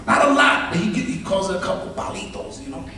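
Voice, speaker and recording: A man performing a stand-up comedy set, telling animated, profane stories and acting out voices before a live audience. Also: sits high, quick pace. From Latino family. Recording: echoey live room, mic far off. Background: audience laughter.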